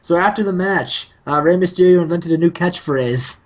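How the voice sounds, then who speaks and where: A man's voice: sits high, normal speed. A man hosting a casual gaming commentary, joking and acting out characters as he plays. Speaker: host. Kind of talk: casual let's-play commentary. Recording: dull lo-fi mic.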